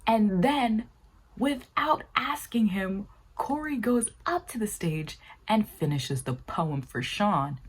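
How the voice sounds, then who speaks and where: A young woman giving casual commentary on a sitcom, animated and exasperated, acting out quotes with big jumps in pitch. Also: takes it slowly, husky. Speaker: video essay creator.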